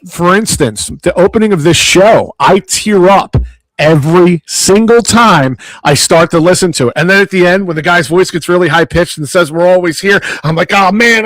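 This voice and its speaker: A man's voice: a little high, a bit bright, dry recording, poor audio. Earnest Philadelphia-accented man hosting. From South Philadelphia. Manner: earnest, halting with many restarts. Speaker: podcast host. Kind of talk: casual panel discussion.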